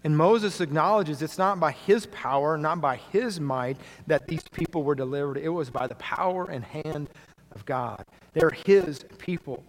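A male pastor preaching a sermon to a congregation, earnest, often dropping quietly for emphasis. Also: a little high, measured pace. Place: church sanctuary. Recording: long hall reverb.

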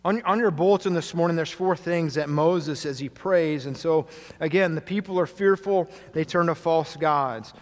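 A male pastor preaching a sermon to a congregation, earnest, often dropping quietly for emphasis. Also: fairly high pitch, moderate pace. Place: church sanctuary. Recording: long hall reverb.

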